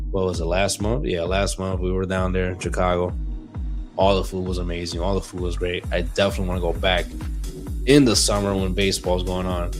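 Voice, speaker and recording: A man hosting a casual sports podcast, reading a rundown from his notes, loose and self-deprecating, stumbling on names, with frequent coughing and throat clearing. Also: deep voice. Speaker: podcast host.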